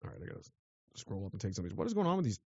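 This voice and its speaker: A man's voice: on the low side, very animated, racing, darkish tone, slightly rough, no echo, muffled recording. A man from western Canada, ranting sardonically and profanely while reading chat on a livestream. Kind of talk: rambling livestream rant.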